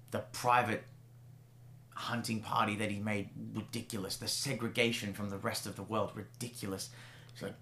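A man's voice: on the low side, fairly bright tone, close to an everyday voice. Man voicing a prim, indignant elf mother. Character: flustered middle-aged mother, a scholar with an office. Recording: roomy echo.

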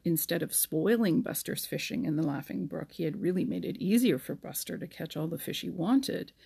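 A woman narrating a children's storybook at a slow, careful pace, now and then stumbling and restarting a word. Her voice is low, husky and gravelly. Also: mellow. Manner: slow reading with small slips and restarts. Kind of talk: storybook reading.

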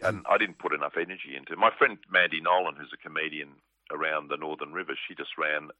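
Deep-voiced man on phone. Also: steady tone, fast, bright, forceful tone. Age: 40s. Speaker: comedian guest. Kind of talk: casual phone interview. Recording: tinny dry phone line.

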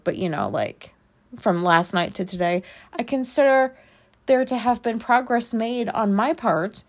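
A woman hosting a solo podcast, her voice sitting at an ordinary middle pitch. She rambles and questions herself as she thinks aloud, speaking frankly and swearing casually. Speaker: podcast host.

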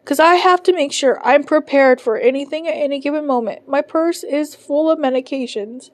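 A woman's voice: sits high, normal speed, no echo. A woman in her thirties venting in a personal podcast monologue, emotional and close to tears, swearing constantly in frustration, recorded from her bed at home. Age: 30s. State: on the verge of tears. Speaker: podcast host.

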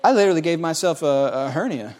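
A man in his forties preaching a sermon, folksy and joking with the congregation, swinging between loud exclamations and quiet asides. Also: fairly high pitch, expressive, fast talker. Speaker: pastor.

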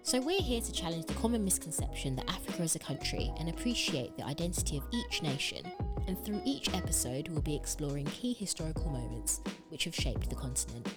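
A woman's voice: deep voice, very animated, a little fast. A woman reading a friendly, scripted podcast intro. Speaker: podcast co-host. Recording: intro with loud music behind.

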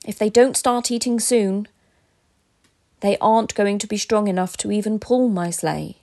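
A woman's voice: mid-range voice, moderate pace, a little mellow, natural voice. A woman voicing a worn-out, despairing old Father Christmas in a storybook tale. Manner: wailing, mournful.

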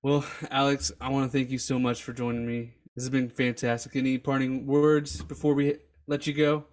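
A young dad hosting a podcast, relaxed and quick to laugh in casual interview chat. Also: male voice, medium pitch. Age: young adult. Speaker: podcast host.

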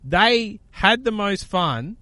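A man's voice: high-pitched, takes it slowly, dry recording. A man with an Australian accent co-hosting a podcast, joking and chatting loosely with plenty of fillers. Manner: animated, joking, full of fillers. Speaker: podcast co-host. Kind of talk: casual banter.

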